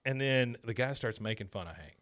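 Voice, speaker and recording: A man of middle pitch hosts a casual podcast and retells a story in a loose, rambling way with lots of filler words. His voice is close and dry, with no room sound around it. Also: expressive, fairly quick, a bit bright, no room sound. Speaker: podcast host. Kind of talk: casual episode recap chat.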